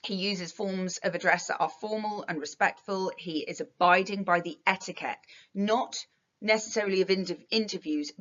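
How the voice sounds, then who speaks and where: A woman's voice: on the low side, a bit bright, muffled recording. A British woman teaching an English lesson, chatty, with lots of fillers, analysing a text for revision.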